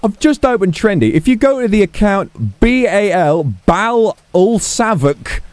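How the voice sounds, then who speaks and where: A man's voice: high-pitched, big pitch swings, a little slow, darkish tone, dry recording. Stammering man playing a police chief. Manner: flustered, stammering, self-deprecating about his old age. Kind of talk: in-character roleplay chat.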